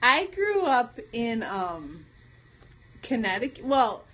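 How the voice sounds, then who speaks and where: Woman, Michigan accent, slightly high voice, rambling and giggly live-stream host. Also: sing-song, slow pace, a bit bright. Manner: rambling, chatty, laughs often. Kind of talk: casual live-stream chat.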